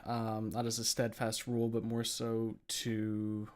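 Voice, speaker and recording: A man in a casual chat, giving a measured, reflective point with a few fillers. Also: on the low side, monotone.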